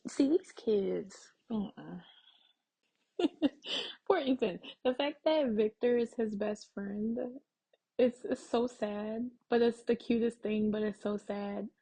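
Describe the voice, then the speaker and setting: Husky-voiced woman reacting to a TV show. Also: mid-range voice, slow, warm tone, poor audio. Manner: chatty, addresses viewers directly, thinks aloud with fillers. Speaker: reaction video host. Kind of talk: casual TV reaction commentary.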